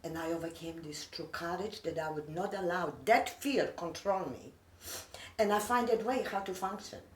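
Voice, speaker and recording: With a darkish, lowish voice at a moderate pace, an older immigrant woman in her 60s talks earnestly in broken English. Her talk is heartfelt, emotional and personal, and the audio is echoey, with the mic placed far off.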